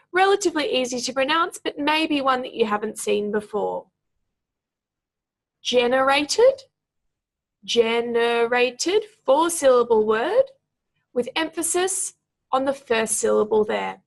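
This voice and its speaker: A woman speaking tutor explains an exam task in a clear teaching tone. Her voice sits a little high and has a gravelly, fry-tinged edge. She slows right down when she models words, pulling each one apart into its syllables. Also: expressive. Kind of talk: exam pronunciation lesson.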